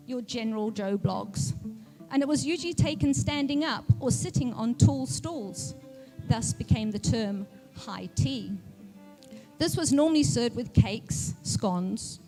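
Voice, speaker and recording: A woman speaks at an evening event on a mic, her accent a blend of British, southern African and New Zealand sounds. Her voice sits a little high, and she talks in a chatty, self-deprecating way with a playful posh edge. Faint music runs underneath. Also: animated, moderate pace, dark tone. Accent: mixed British, southern African and New Zealand. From Central Africa. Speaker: guest speaker. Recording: music playing faintly behind.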